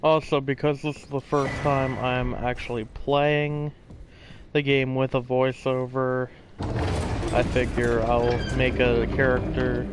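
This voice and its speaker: A man's voice: mid-range voice, a little hiss or hum. A man casually narrating over his gameplay, rambling and a little tired, swearing now and then. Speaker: gaming channel host. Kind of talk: casual gameplay voiceover commentary.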